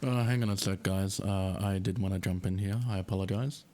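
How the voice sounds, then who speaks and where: A man's voice: low-pitched, fairly even intonation, background noise. A man on a live chat panel, speaking hesitantly with fillers. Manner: slow, drawn-out, hesitant. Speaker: panel guest. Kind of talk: live round-table chat.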